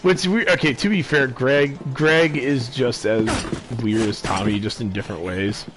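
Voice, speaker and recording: A man's voice: mid-range voice, moderate pace, noisy background. A young man streaming a game, chatting casually and rambling with lots of restarts and fillers. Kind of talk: casual chat over gameplay. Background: game music.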